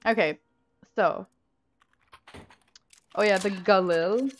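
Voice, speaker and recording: A woman's voice: mid-range voice, takes it slowly, slight background noise. A young woman streaming a shooter game, chatting casually and swearing freely into a headset mic, shrieking when she misses a kill. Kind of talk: casual live gameplay commentary. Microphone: gaming headset.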